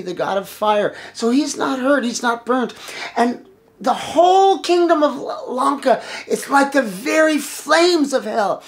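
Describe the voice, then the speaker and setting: Animated man retelling an epic tale. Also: very high-pitched. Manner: animated, with restarts and sudden shouts. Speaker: storyteller. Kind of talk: oral storytelling of an epic.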